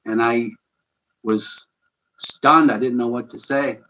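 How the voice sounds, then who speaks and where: On a podcast, a ministry founder shares a personal story, speaking earnestly and conversationally with lively retelling and chuckles. His voice is mid-range and slow, and the audio sounds dull.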